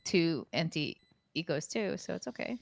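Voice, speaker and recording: A woman's voice: low-pitched, lively intonation, unhurried, gravelly. Giggly tired woman co-streaming. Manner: giggly, playful. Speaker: watch party co-streamer. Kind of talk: casual chat.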